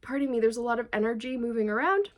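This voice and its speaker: A woman's voice: on the high side, expressive, fast. A woman giving a casual tarot reading to her viewers, chatty and direct, asking many rhetorical questions. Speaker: tarot reader.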